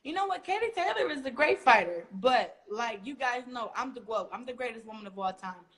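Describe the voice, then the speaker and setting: Lively young woman from Flint. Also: on the high side, a little fast. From Flint, Michigan, USA. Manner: animated storytelling, acting out quotes. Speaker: guest boxer. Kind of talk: casual interview talk.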